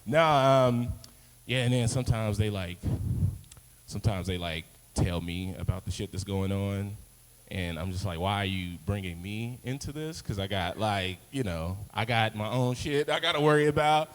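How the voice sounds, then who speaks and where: At an open mic in an arts space, a young man from Chicago's South Side does a loose, rambling stand-up set, full of fillers and chuckling at his own jokes. His voice is on the low side at normal speed, with big-room sound and a rough recording.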